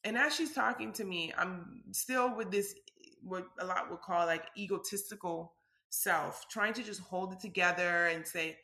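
A woman's voice: on the low side, moderate pace, bright, forceful tone, reverberant. A woman vlogger speaking candidly and conversationally about a personal experience, with frequent filler words.

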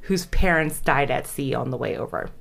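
A woman's voice: extremely low pitch, animated, normal speed, creaky. A woman telling a true story in casual chat, giggly, often trailing off and restarting.

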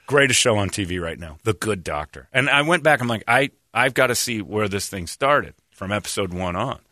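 A man hosting a show, ranting sarcastically and mimicking others in mocking voices. His pitch swings widely and his tone is bright and forceful. The sound is dry and close. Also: animated, normal speed, no room sound. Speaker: radio show host. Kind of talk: sarcastic comedic rant.

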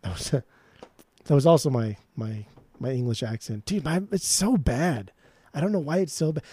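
A man co-hosts a casual music podcast, ranting and cursing as he goes. His pitch swings a lot, and his tone is warm and mellow. The sound is dry and close. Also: brisk, slightly rough, dry recording. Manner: ranting, profane, animated. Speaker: podcast co-host.

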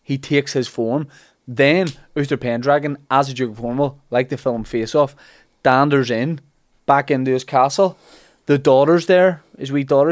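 A man retelling an old legend as comic chat, acting out the characters' lines in animated bursts. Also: mid-range voice, normal speed, no room sound. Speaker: podcast host telling a legend.

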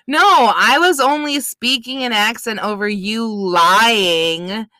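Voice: mid-range voice, slow, pushed and bright, no echo. A podcast co-host chatting casually, blunt and sarcastic. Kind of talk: casual banter.

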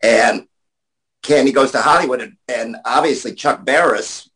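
A man's voice: medium pitch, moderate pace, a bit bright, low-quality recording. A man chatting casually, rambling through memories with restarts and laughter. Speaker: guest. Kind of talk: casual chat.

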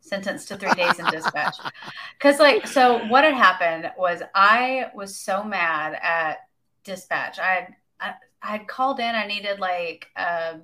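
A woman's voice: mid-range voice, measured pace, bright, forceful tone. A woman, a police officer on a podcast, telling her own story in a wry, casual way.

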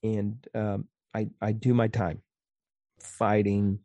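A man recounts a long story in a low, mellow voice. He talks in a rambling, halting way and keeps restarting his sentences. The sound is close and dry. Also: little pitch movement, no room sound. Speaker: interview guest. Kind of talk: casual storytelling in conversation.

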